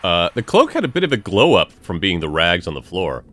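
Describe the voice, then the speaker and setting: A man from Ireland talks through a video game, cracking jokes and reading out the on-screen text. His voice sits low but swoops all over the place. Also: huge pitch swings, brisk, fairly bright tone, a little hiss or hum. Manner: playful, jokey asides, reads game text aloud. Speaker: let's play gamer. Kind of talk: casual gameplay commentary.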